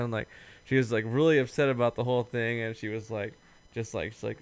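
A man's voice: medium pitch, fast. Rambling, foul-mouthed man in his late twenties. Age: late 20s. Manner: rambling, profane anecdote with acted-out quotes. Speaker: storyteller among friends. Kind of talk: casual chat.

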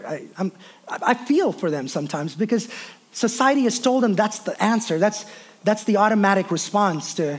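A man with a high, light voice preaches to his congregation. He speaks earnestly, repeats words as he searches for them, and moves between raised and hushed passages. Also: lively intonation, moderate pace. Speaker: pastor. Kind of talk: sermon.

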